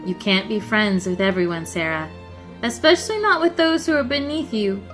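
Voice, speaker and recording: A woman's voice: mid-range voice, expressive, normal speed, fairly bright tone, soft background music, close to an everyday voice. A woman reading the lines of a haughty, condescending rich schoolgirl who lectures in a superior tone. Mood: lecturing.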